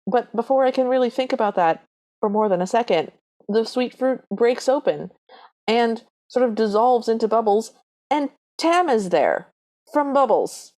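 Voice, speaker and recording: Mellow-voiced woman podcast co-host. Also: a little high, animated, moderate pace. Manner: chatty, speculates and addresses listeners directly. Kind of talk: casual chat recapping a movie.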